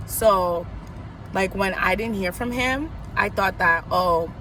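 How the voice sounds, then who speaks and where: A young woman with a bright, clear-toned voice tells a personal story in a loose, rambling way, with plenty of likes and you knows. There is a faint hiss of room noise behind her. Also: medium pitch. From New York. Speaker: vlogger. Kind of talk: casual storytime.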